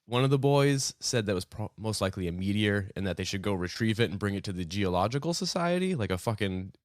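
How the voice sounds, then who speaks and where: A man's voice: fairly low pitch, animated, quick pace, no echo, studio quality. A young man hosting a casual podcast, joking, swearing and rambling with lots of fillers. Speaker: podcast host.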